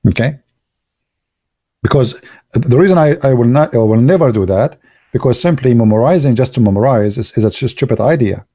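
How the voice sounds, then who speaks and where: A man whose first language is Arabic, telling stories casually in broken English, excitable and laughing at his own jokes. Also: medium pitch, a little fast. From Arab world. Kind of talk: casual storytelling monologue.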